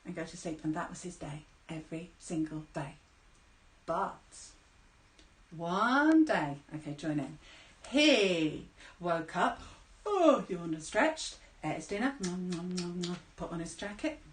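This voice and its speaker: Animated woman telling a kids' story. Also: on the low side, moderate pace, a little hiss or hum. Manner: animated, playful, with sound effects and calls to join in. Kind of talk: live children's storytelling. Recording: roomy echo.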